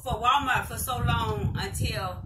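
A woman's voice: fairly high pitch, unhurried, loud music behind the voice. A middle-aged woman chatting casually to viewers in a haul video, repeating herself and calling them y'all. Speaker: vlogger. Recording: echoey room, mic at a distance, loud noise.

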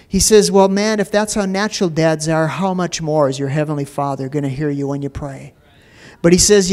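A man's voice: high-pitched, normal speed. A man pastor giving a sermon, telling a story from his life and then preaching with rising emphasis, often repeating words as he starts a phrase.

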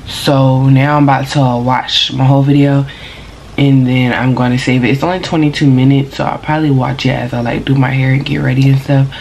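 A woman's voice: extremely low pitch, little pitch movement, fairly quick, vocal fry, a little mellow, a little hiss or hum. A young woman chatting casually to her viewers in a vlog, slangy and talkative, with a sore neck and back. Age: young adult. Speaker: vlogger. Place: in a car.

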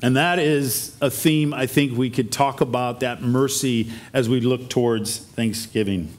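Man preaching an earnest sermon. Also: mid-range voice. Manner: earnest preaching, rhetorical questions to the congregation. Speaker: pastor. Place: church sanctuary.

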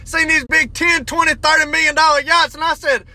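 A middle-aged man, telling a crude comic story in a loud, drawling rant from inside a vehicle. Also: very high-pitched, fairly even intonation, brisk, no echo. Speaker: comedian. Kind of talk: comedic rant to camera.

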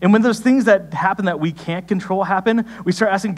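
Young guy preaching, chatty storytelling, voice a bit high, jumps up when worked up. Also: expressive, brisk, few pauses. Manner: conversational storytelling with sudden rises in pitch. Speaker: pastor. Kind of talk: sermon.

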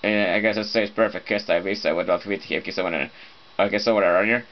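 A man's voice: on the low side, steady tone, fast talker. Playful man humming, lo-fi home video. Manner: loose and playful, breaks into humming and scat sounds. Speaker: vlogger. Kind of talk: rambling casual vlog chat. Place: shared apartment indoors. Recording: dull lo-fi home video audio.

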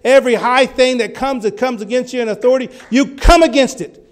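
High-voiced fervent preacher man. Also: fairly quick. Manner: fervent, rises to loud exclamations. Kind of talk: sermon.

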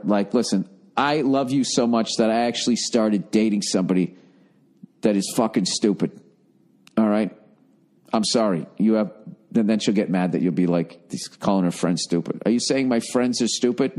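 A middle-aged man hosting a comedy advice podcast, reading listener letters and riffing loudly with profanity. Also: fairly low pitch. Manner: loud, profane, animated riffing with mocking put-on voices. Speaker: podcast host giving advice.

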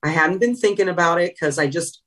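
A woman's voice: fairly low pitch, fairly quick, a bit bright, husky, distant mic. A woman in a conversational interview, a former sideline reporter, telling reflective and emotional stories. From California. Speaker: guest, retired sideline reporter.

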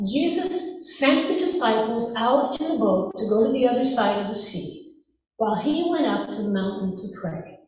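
A woman pastor giving a sermon, telling the story gently and softening to a hush on quoted words. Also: fairly high pitch, slight background noise. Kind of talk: sermon retelling a gospel story. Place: church sanctuary. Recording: echoey church hall from far off.

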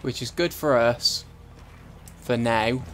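A man's voice: mid-range voice, slow pace, a little hiss or hum. A young man hosting a let's-play, chatting casually and swearing freely as he plays. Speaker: gaming channel host.

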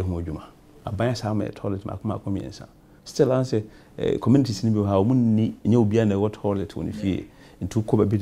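The man's voice is lowish, husky and mellow. A Ghanaian parliamentarian, he rambles and repeats himself in a talk show interview that mixes English and Twi.

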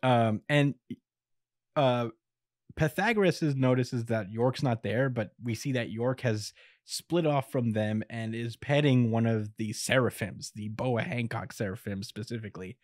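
Here a young male podcast co-host runs through a comic chapter, easygoing and quick to chuckle, slipping into brief acted-out quotes. He speaks in a mid-range voice. Recorded dry on a podcast microphone, the audio is clean studio sound.

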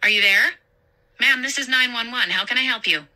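A woman reading a story aloud and voicing a calm, professional emergency phone operator. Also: fairly high pitch, a little fast, voice pushed up.

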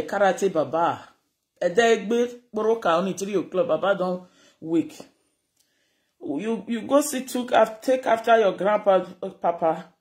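A speaker with a Nigerian accent in a casual rant to camera, animated and scolding, switching between Pidgin and Yoruba. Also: mid-range voice.

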